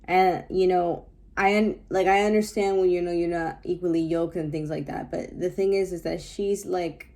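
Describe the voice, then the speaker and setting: A woman talking through her reaction to a clip in a relaxed, rambling commentary. Her voice sits low and warm, with a gravelly fry running through it. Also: normal speed. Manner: thoughtful, rambling with many fillers.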